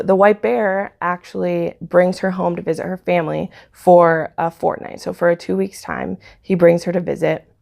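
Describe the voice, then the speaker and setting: A woman's voice: fairly low pitch, creaky, a little mellow. A woman casually retelling a novel's plot in a book review vlog, chatty and full of "um" and "like".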